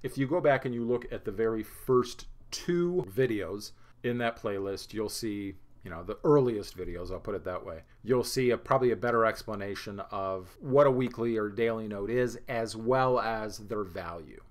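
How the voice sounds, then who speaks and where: A man's voice: fairly low pitch, normal speed. A man presenting a weekly market note in a casual, rambling way, out of breath after a workout and laughing at himself. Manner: chatty, self-deprecating, rambling with restarts. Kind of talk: casual unscripted market commentary.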